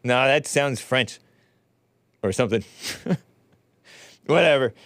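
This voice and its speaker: A man's voice: medium pitch, takes it slowly, fairly bright tone, no echo. Wry chuckling male show host. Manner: wry, chuckling, offhand asides. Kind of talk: casual live-stream commentary, reading viewer messages.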